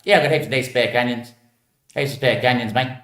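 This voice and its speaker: A man's voice: medium pitch, fairly quick, a bit bright, natural voice. God as a laid-back bloke, as a man puts him on. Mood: easygoing. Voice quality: casual, drawling slang. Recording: echoey room.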